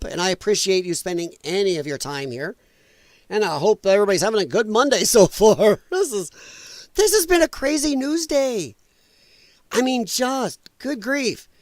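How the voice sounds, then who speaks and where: A man with a fairly high voice runs his own live commentary stream, heated and mocking as he rants. The sound is dry and close, with no room around him. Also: fairly bright tone, dry recording. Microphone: headphones and desk mic.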